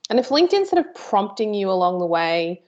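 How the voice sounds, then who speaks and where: A woman's voice: mid-range voice, very animated, fairly quick, a little mellow, lo-fi sound. A woman teaching a live workshop, chatty and informal, with playful asides to her host. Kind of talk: live online workshop presentation.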